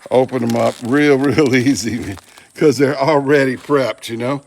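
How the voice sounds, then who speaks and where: A man's voice: mid-range voice, fairly even intonation, a little slow, gravelly, a little mellow. A man demonstrating barbecue at an outdoor grill, with folksy joking asides. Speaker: barbecue channel host. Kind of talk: casual cooking demonstration.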